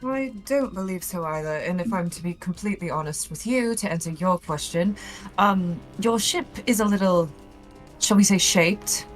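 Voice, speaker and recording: A woman's voice: fairly low pitch, normal speed, faint music behind, natural voice, rough recording. A woman voicing a courteous female tiefling paladin with wry phrasing.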